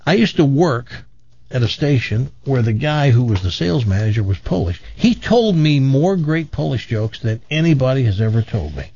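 Gravelly, husky male radio host. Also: mid-range voice, very animated, normal speed, dark tone, dull audio. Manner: chatty, rambling, tells jokes. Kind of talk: casual talk radio with live ad reads.

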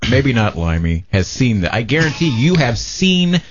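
Male radio contributor, chatty, animated pitch, muffled broadcast sound. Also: normal speed, a little hiss or hum. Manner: chatty, hesitant restarts. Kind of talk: casual on-air segment.

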